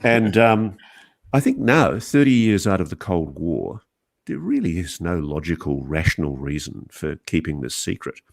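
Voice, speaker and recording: Gravelly, deep Australian man. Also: sing-song. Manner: earnest, measured, slightly halting. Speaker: guest author. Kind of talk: thoughtful interview answers.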